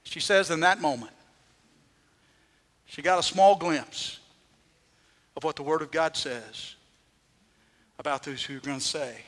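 A man's voice: fairly high pitch, unhurried, long pauses, a bit bright, big-room sound. A man preaching a sermon as pastor, dramatically acting out the voices he quotes, in a church.

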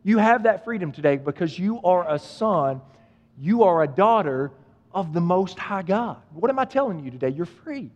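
Man, pastor, sermon, emphatic repetition, high pitch, long reverb. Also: big pitch swings, normal speed, a little mellow, dull audio. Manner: preaching with emphatic repetition and direct address.

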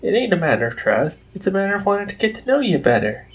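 A man's voice: high-pitched, big pitch swings, fast, pitched above the performer's own voice. A man voicing a friendly, polite female farm pony who talks in a country drawl.

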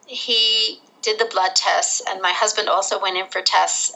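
Bright, gravelly-voiced woman telling her story. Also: medium pitch, rough recording. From Australia. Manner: candid, animated, laughs through the hard parts. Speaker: interview guest. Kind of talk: casual storytelling.

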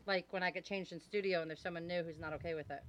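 A woman's voice: on the low side, fairly even intonation, fast, a little hiss or hum. A woman co-hosting a podcast in casual chat, tossing in wry quips. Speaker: podcast co-host.

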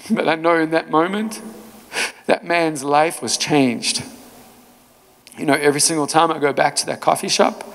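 A man preaching a sermon in an earnest, conversational storytelling manner, recorded in a church hall with a long reverb. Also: medium pitch.

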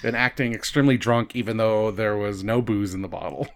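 A man in casual conversation about a game, asking quick questions and laughing often. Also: on the low side, vocal fry. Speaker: podcast co-host. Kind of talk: casual chat.

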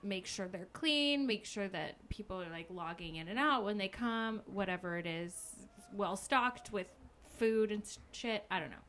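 A young woman retells a story in casual chat, slipping into quick acted-out voices for the characters. Her voice is bright and forward, with a faint hum of background noise. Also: mid-range voice. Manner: animated storytelling, acts out characters' lines, frequent "like". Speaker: podcast co-host recapping a book.

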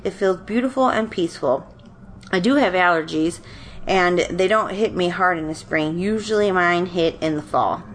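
A woman's voice: fairly low pitch, moderate pace, slight background noise. A woman co-hosting a casual chat, sounding stuffy and nasal from allergies, talking in a rambling way with fillers. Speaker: podcast co-host.

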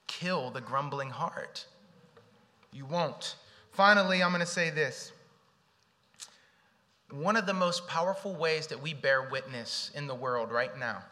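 A male pastor preaching an earnest sermon, swinging between loud emphasis and soft, close appeals. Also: on the high side, expressive, moderate pace. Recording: long reverb in a large hall.

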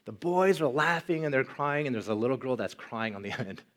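A man preaching a sermon, asking the congregation questions and moving between hushed, low passages and loud, rising emphasis. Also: expressive, a little fast. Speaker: pastor.

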